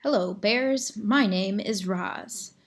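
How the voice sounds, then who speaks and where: A woman voicing a calm, polite female robot in a storybook, speaking with measured, formal courtesy. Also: medium pitch, reverberant, lightly acted.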